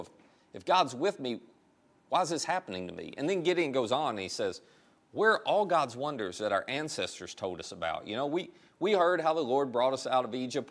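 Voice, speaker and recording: A middle-aged man delivers a sermon in a relaxed, conversational tone. His pitch moves a lot, rising and falling as he tells the story. He keeps turning to his listeners with direct questions. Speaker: pastor.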